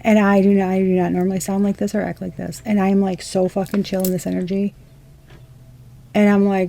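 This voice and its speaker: A woman's voice: medium pitch, flat delivery, normal speed, vocal fry, dark tone. A young woman giving a casual tarot reading, rambling and swearing in amazed disbelief. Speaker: tarot reader.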